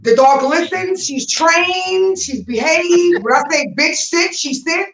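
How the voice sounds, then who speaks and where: A woman comedian doing a loud, profane stand-up set, telling stories. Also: extremely high pitch, slow pace, reverberant, low-quality recording.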